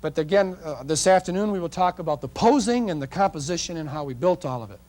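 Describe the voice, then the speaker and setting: A man's voice: fairly high pitch, expressive, fast talker, darkish tone. A middle-aged man teaching portrait photography at a live seminar, telling chatty, folksy stories about his shoots and talking straight to the audience.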